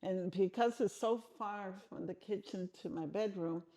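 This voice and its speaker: A woman's voice: mid-range voice, a little slow, mellow. A middle-aged woman answering interview questions frankly and conversationally, often restarting her sentences.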